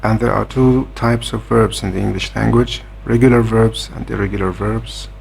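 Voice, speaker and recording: A man explaining a grammar lesson in a measured way, pausing often with "uh" between points. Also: on the low side, steady tone, creaky, darkish tone, husky. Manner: measured, with frequent "uh" hesitations. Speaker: grammar teacher.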